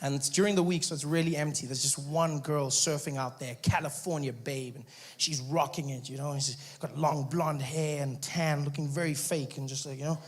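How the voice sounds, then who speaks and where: A man from South Africa with a South African accent, doing animated, mocking stand-up storytelling. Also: fairly high pitch, fairly quick. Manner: animated, mocking, switches into voices. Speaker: stand-up comedian.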